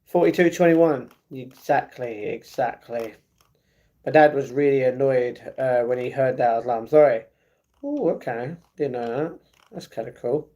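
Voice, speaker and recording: A young English man chats casually on a livestream, reading out viewer comments and answering them, often repeating his own phrases. His voice is medium in pitch and mellow, at a moderate pace.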